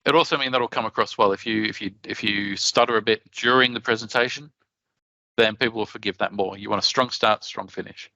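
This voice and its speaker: An Australian man giving a conference talk in a chatty, animated way, often restarting his sentences. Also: on the low side, a little fast, gravelly, dry recording, lo-fi sound. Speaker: conference presenter.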